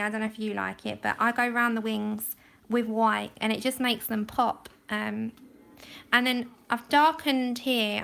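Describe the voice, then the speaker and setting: A woman's voice: fairly high pitch, creaky, bright, forceful tone. A woman hosting a casual colouring livestream, chatty and self-deprecating, laughing often as she talks through her work. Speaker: livestream host. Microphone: phone mic.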